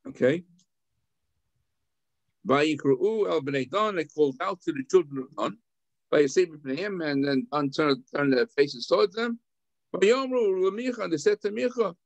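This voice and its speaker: An older man, a rabbi, teaching an adult class on a scripture text, reading phrases and explaining them with lively acted-out dialogue. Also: on the high side, measured pace, dry recording, muffled recording. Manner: animated, acts out the characters' lines.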